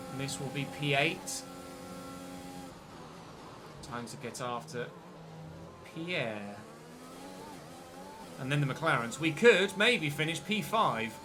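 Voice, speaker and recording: A man streaming a racing game, commentating his race excitedly and joking with his viewers. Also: mid-range voice, noisy background. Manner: excitable, jokey, talks to viewers. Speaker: gaming streamer.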